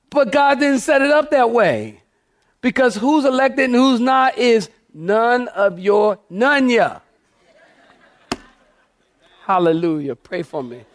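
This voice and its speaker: A man with a high-pitched voice preaching from a church pulpit. He is animated and lively, pushing the congregation for responses as he goes. The delivery is a full sermon. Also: slow pace, long pauses. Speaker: pastor.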